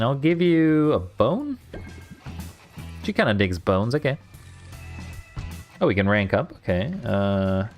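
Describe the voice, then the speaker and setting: Animated man streaming a game. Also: fairly low pitch. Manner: chatty, animated, reacts out loud. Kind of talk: gameplay commentary. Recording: faint guitar music behind.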